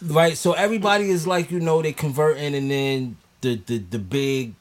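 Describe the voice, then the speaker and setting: A man's voice: a little high, moderate pace. A man hosting a podcast, chatting casually, joking and swearing freely. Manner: joking, profane, loose. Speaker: podcast host. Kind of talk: casual chat.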